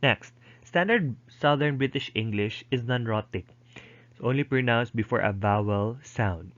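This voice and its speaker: A male lecturer explaining pronunciation slowly, with frequent fillers and restarts, modeling sounds aloud. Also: mid-range voice, fairly bright tone, lo-fi sound. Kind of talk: recorded online lecture.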